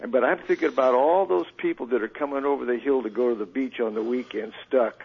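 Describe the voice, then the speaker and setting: A man calls in to a radio show and earnestly makes his case to the host. His voice is a bit husky. The phone line is thin and tinny. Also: medium pitch, quick pace. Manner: earnest, persuasive. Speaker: radio caller.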